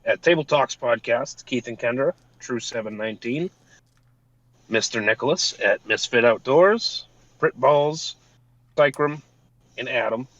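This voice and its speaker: A man's voice: medium pitch, a little slow, fairly bright tone, dry recording, lo-fi sound. A man co-hosting a podcast in casual chat, swearing casually as he reads out a list of thanks. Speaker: podcast co-host.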